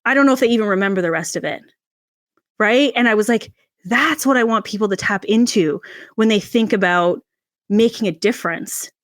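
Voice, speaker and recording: A woman talks as a podcast guest and tells her story with a lot of expression, acting out quoted lines. Her voice sits at a middle pitch. The sound is dry and close. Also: brisk, no echo. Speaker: podcast guest, personal brand coach. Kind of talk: animated storytelling in an interview.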